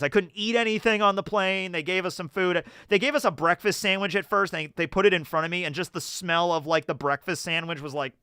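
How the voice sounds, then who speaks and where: A man's voice: high-pitched, smooth, dry recording, studio quality. A young American man rambling through stories on a casual livestream, reading chat questions and answering with lots of fillers. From United States. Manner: rambling, animated storytelling with many fillers.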